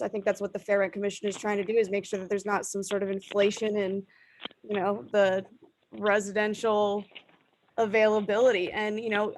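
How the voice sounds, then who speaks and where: A woman's voice: mid-range voice, fairly bright tone. A woman serving on a commission, speaking hesitantly and with care over a video call. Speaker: commission member. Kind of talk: public meeting discussion.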